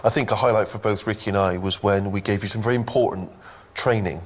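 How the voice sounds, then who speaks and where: A man co-hosting a TV interview, asking questions in a dry, measured way. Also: fairly low pitch, steady tone. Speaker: TV co-host.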